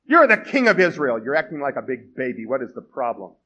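A man's voice: medium pitch, big pitch swings, fast, bright, forceful tone, slightly rough, lo-fi sound, full character voice. A man voicing a scornful, scheming queen scolding her husband, in a sermon.

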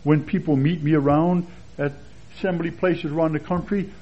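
A man with a slightly raised, husky voice teaches a sermon in an easy, chatty way, moving through verses and personal stories. The recording is dull and lo-fi, as on an old sermon tape. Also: fairly high pitch, moderate pace. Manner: relaxed, chatty, with anecdotes and chuckles. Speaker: Bible teacher. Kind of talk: conversational expository sermon.

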